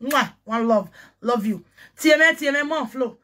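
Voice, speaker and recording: A woman from Nigeria with a Nigerian Pidgin accent, ranting excitedly on a casual livestream and breaking into chanted syllables and laughter. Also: high voice, moderate pace. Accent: Nigerian Pidgin English. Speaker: social media personality.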